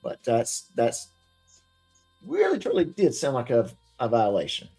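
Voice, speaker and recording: A man's voice: mid-range voice, huge pitch swings, measured pace, vocal fry, dark tone, slightly rough, faint music behind. A man hosting a live-stream commentary show, chatty and hesitant, with many restarts. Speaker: host.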